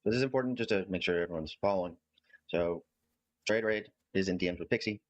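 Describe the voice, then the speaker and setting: A man with a very low voice giving commentary. He lays things out in a measured, explanatory way so listeners can follow. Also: muffled recording.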